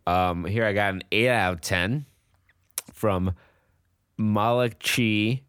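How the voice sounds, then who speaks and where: A man with a very low, deep voice co-hosting a podcast, reading out reviews in a dry, chuckling way. The recording is close and dead, with no room sound at all. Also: slow pace, a bit bright, smooth, no room sound. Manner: dry, laughs often. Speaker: podcast co-host. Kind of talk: casual chat, reading out reviews.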